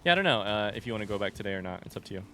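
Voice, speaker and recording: Low-voiced man chatting while gaming. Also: very fast, a little hiss or hum. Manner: relaxed, rambling, lots of fillers. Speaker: streamer playing a game. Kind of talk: casual gameplay chat.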